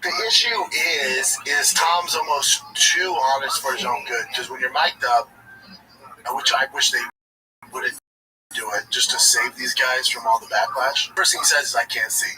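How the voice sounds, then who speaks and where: A man's voice: mid-range voice, moderate pace. A man hosting a casual sports talk show, blunt and profane, often acting out what others said. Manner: blunt and profane, acts out quotes. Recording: distant mic with background noise.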